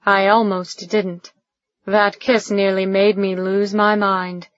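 A woman's voice: mid-range voice, flat delivery, slow, dry recording, natural voice. A woman reading the part of a confident, teasing English sea captain, with a wry, soothing delivery. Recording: dull, lo-fi recording.

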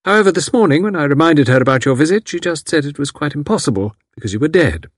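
Male narrator voicing a calm capable matron, cheerful, a bit higher. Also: dry recording, studio quality. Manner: cheerful, comfortable, brisk. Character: calm competent matron of about fifty.

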